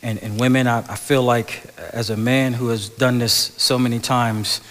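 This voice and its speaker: A middle-aged male pastor preaching a sermon, moving between loud animated stretches and soft, hushed passages, in a church sanctuary. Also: medium pitch, normal speed. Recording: large hall with long reverb.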